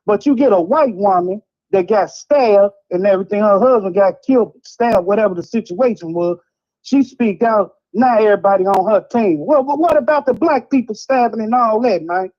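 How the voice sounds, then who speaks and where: A man's voice: sits high, normal speed, darkish tone, highs cut off. A man from Chicago calling in to a live show, ranting in a frustrated, rambling way and repeating himself. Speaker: caller. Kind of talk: heated call-in rant.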